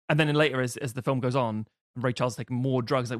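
A man's voice: mid-range voice, steady tone, fast, dry recording, clean studio sound. A man co-hosting a film podcast, chatting casually and animatedly, acting out quotes with bursts of laughter. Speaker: podcast co-host.

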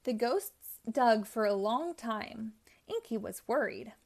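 A woman reading a children's storybook aloud in a slow, expressive way, lightly voicing the characters. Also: fairly high pitch. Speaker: storybook reader.

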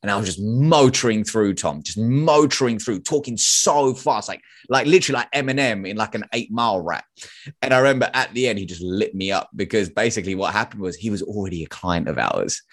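A man, a sales consultant as podcast guest, telling animated stories in casual talk and acting out quoted lines. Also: fairly low pitch, fairly quick. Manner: animated storytelling, acts out quotes; casual slang. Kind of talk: podcast interview.

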